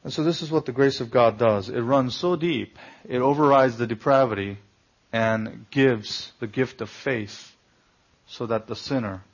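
Gravelly-voiced male preacher, lo-fi recording. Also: lowish voice. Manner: preaching with rhetorical questions and emphatic swells. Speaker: pastor. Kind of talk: sermon.

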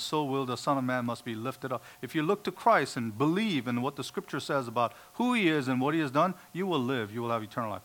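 A man's voice: medium pitch, a bit bright. Man preaching an emphatic sermon. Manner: emphatic preaching, acting out doubters' voices. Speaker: pastor.

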